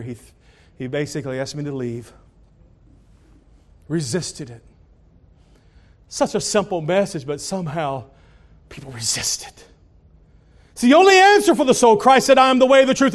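Man, high voice, dramatic storytelling preacher. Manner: dramatic storytelling preacher, swings from hushed to loud. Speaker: pastor. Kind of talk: sermon.

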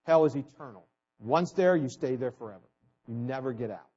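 A man preaching a sermon at a fast clip, stumbling over repeated words and swinging from loud emphasis to quiet asides. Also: medium pitch, expressive. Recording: dull lo-fi recording.

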